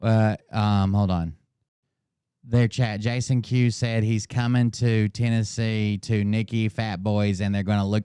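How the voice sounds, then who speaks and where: A man's voice: lowish voice, little pitch movement, a little slow, mellow, clear, resonant tone. A man commentating casually on a stream, laid-back and profane, laughing at clips and talking straight to his viewers.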